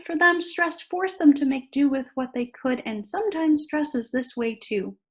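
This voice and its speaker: High-voiced woman reading a story. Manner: expressive, animated storytelling. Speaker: worship leader. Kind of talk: story read-aloud in a sermon.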